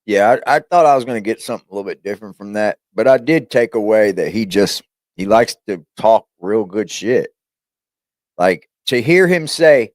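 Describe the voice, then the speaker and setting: A man hosting a reaction channel, talking casually and crudely with teasing asides and loud whoops. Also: on the low side, animated, moderate pace, dry recording.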